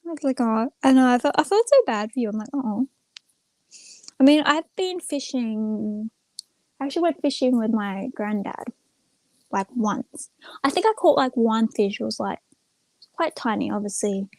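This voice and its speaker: A woman's voice: on the high side, expressive, normal speed, darkish tone, dry recording. A young woman chatting casually on a livestream, rambling and retelling stories with lots of "I'm like.". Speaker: streamer.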